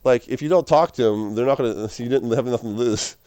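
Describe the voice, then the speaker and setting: A man's voice: mid-range voice, quick pace, dark tone, no room sound. A man rambling casually to camera as a vlogger, laughing often and calling the listener dude and man.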